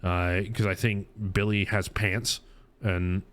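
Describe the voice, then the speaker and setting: A man's voice: sits low, little pitch movement, takes it slowly, fairly bright tone. A middle-aged man hosting a casual podcast, telling rambling stories full of restarts and chuckles. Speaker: podcast host. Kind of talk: casual chat.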